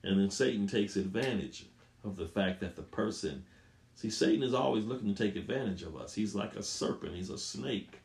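Low-voiced preacher man in an echoey room. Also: expressive, normal speed, creaky. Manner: emphatic, repeats phrases, rises loud on scripture. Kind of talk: sermon.

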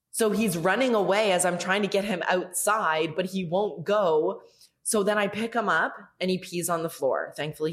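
A young woman hosting a podcast, talking candidly in a casual monologue, swearing freely and saying "like" a lot. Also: low-pitched. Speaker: podcast host.

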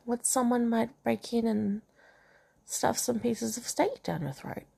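Gravelly woman reading a racy novel aloud. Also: on the high side, a little slow, mellow. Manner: reads dialogue and narration, breaks off to comment and laugh. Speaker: reader of a novel. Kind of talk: casual reading aloud with asides.

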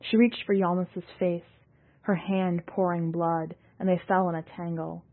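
A woman reading a science fiction story aloud in a steady, measured narration. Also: lowish voice. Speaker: audiobook reader and podcast editor. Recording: tinny phone-like audio.

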